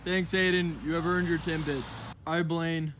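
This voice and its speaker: A man's voice: on the high side, little pitch movement, moderate pace, fairly bright tone, a little hiss or hum. Upbeat man hosting kids' challenges. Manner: upbeat, laughs often, calls kids by name. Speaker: host running kids' challenges. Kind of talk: playful outdoor game hosting. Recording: music playing under voice.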